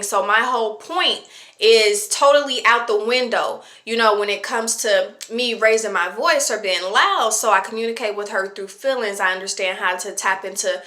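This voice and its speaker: A woman's voice: a little high, normal speed, bright, forceful tone. A woman in her late twenties talking casually to camera about parenting, chatty and reflective, with lots of fillers. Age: 20s. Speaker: vlogger.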